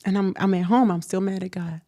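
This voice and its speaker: A woman in her thirties from the United States, candidly telling a personal story in a relaxed chat, quiet and reflective. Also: medium pitch, fairly quick. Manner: animated retelling with acted quotes, then quiet and reflective. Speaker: guest.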